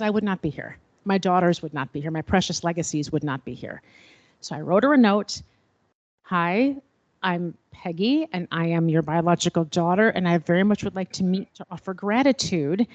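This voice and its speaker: A middle-aged woman telling a personal story at a panel, expressive and acting out remembered dialogue. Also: lowish voice, no room sound, dull audio. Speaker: panel speaker.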